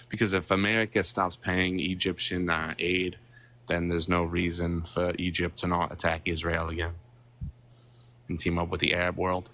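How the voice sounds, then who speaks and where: A man in his twenties calling into a live stream, speaking in a halting, defensive way. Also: sits low, fairly bright tone. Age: 20s. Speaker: caller. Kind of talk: casual call-in chat.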